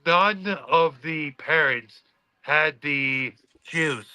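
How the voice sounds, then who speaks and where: Animated former player telling a story. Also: male voice, on the high side, drawn-out words, smooth, no room sound, poor audio. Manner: animated, swearing storyteller acting out quotes. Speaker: podcast co-host, former college football player. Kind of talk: casual storytelling chat.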